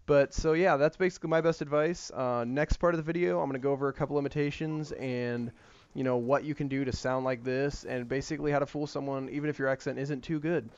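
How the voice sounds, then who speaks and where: A man chats casually over gameplay in a rambling way, full of fillers and restarts, at a middle pitch. The audio is slightly dull and lo-fi, like a cheap mic. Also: fairly even intonation, quick pace, darkish tone, clean tone, no room sound. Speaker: gaming YouTuber.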